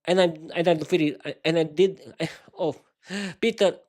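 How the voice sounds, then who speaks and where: A man with a slightly higher than usual voice rambles casually to his live-stream viewers. He stumbles and restarts his sentences often, stuttering through his words, and speaks into a desk microphone in a small home studio. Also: level tone, unhurried, darkish tone. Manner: hesitant, stuttering, many restarts; chatty, talks to viewers while fiddling with lighting. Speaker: podcast host.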